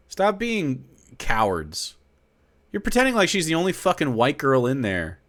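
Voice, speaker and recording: A man live streaming, reacting to clips in loud, profane, animated rants. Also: fairly high pitch, a little slow.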